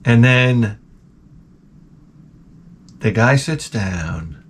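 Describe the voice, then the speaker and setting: A man's voice: mid-range voice, very slow, a little hiss or hum. A middle-aged man, hosting a rambling, profane comedic monologue. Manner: rambling, profane, animated ranting. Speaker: host.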